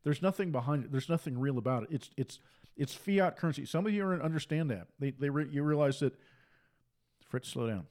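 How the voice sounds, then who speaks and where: A fervent male preacher holding forth alone on a livestream, his voice sitting a little higher than most men's. He hammers each point with repetition and drifts into mocking, sing-song asides before pressing on. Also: fast, a little mellow. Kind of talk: impassioned preaching monologue.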